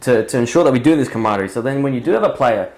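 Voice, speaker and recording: A man's voice: mid-range voice, expressive, rapid-fire, darkish tone. A man hosting a podcast in a chatty, jokey way and talking about coaching. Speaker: podcast host, football coach. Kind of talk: casual podcast chat. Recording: echoey room.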